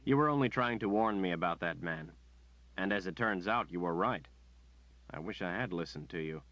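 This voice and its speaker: Deep-voiced guy as an earnest young woods guide, kinda flustered, dull audiobook sound. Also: expressive, normal speed, a bit bright, no echo.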